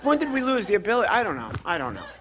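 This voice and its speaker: Talking very fast in a high voice, a male comedian tells a story in his stand-up routine and animates it by doing each character's voice. The live venue is full of laughter, crowd noise, and background noise.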